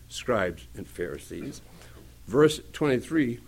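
Male preacher, middle-aged, animated sermon delivery, wide-ranging pitch, joking asides. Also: measured pace.

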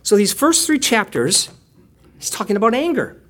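A man's voice: high-pitched, moderate pace. A chatty, self-joking male preacher. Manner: conversational and self-deprecating, with playful asides and laughter; shifts between quiet reflection and lively storytelling. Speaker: pastor. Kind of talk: sermon.

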